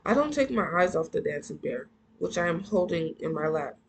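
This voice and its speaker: A book reader reading a novel aloud and breaking off for animated, casual commentary to listeners. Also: medium pitch, fairly quick, vocal fry, breathy edge, low-quality recording. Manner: animated, heated asides to listeners. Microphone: earphone mic.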